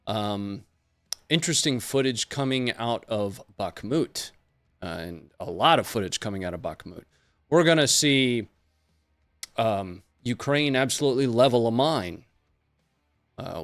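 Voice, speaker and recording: A man's voice: fairly low pitch, a bit bright, no echo. A man hosting a live show, chatting loosely with viewers and joking before moving into the rundown. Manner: loose, joking, greets chat by place names. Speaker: host. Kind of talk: casual livestream chat.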